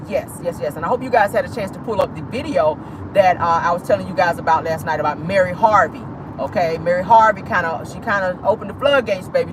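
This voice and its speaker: A woman talks celebrity gossip from the driver's seat in a sassy, drawling way, sprinkling 'honey' and 'baby' everywhere. Her pitch leaps and dips all through her talk. A steady car hum sits clearly under her voice. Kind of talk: casual gossip commentary. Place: inside a car.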